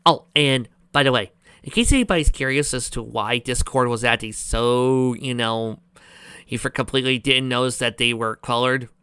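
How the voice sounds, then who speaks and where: A man's voice: medium pitch, moderate pace, bright, forceful tone, clean tone, no echo. Sarcastic man reading fan fiction aloud. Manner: sarcastic, ranting asides. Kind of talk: reading a story with commentary.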